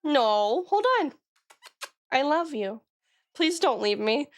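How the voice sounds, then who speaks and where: A young adult woman streaming from home, chatting casually in a gushing, excitable way and swearing freely, close on the mic. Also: sits high, takes it slowly, dry recording. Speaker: VTuber streamer. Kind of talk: casual live-stream chat.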